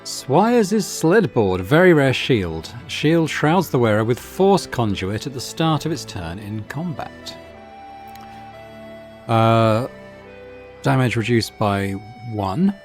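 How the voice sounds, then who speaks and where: A laid-back man talks through his video game run, reading out item text and musing to himself. His voice is mid-pitched but moves around a lot. Faint game music plays behind him. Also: sing-song, slow pace. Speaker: gaming channel host. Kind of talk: casual let's play commentary.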